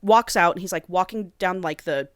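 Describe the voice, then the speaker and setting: A woman's voice: lowish voice, normal speed, no echo, clean studio sound. A woman hosting a podcast, casually and animatedly retelling a book's plot and swearing freely. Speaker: podcast host. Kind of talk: casual book recap.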